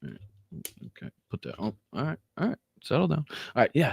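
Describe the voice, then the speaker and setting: A man's voice: mid-range voice, huge pitch swings, fairly quick, vocal fry, slightly rough, dry recording. Man, livestream host, mocking commentary, frequent laughter, swearing, dry close sound. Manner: mocking, profane, laughs often. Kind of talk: live commentary reacting to clips.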